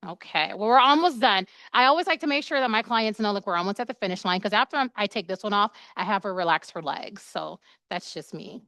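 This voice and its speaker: A woman's voice: mid-range voice, expressive, fairly quick, hardly any pauses, a bit bright, dry recording. A woman esthetician in her thirties giving a chatty, playful live waxing demonstration, acting out quoted dialogue as she works.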